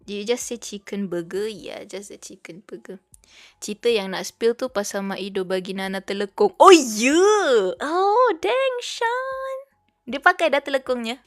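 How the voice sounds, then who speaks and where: Young malaysian girl streaming, bit high voice, chatty and giggly, soft music playing behind. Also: expressive, moderate pace. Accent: Malaysian English. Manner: chatty, switching between English and Malay, giggly. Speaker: VTuber streamer. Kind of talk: casual livestream chat. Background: faint background music.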